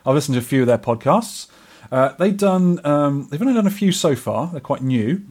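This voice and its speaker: A man's voice: fairly high pitch, lively intonation, fairly quick, a little mellow, breathy edge. A middle-aged man co-hosting an arcade podcast, chatting casually and rambling in a self-deprecating way. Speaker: podcast co-host. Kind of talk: casual chat.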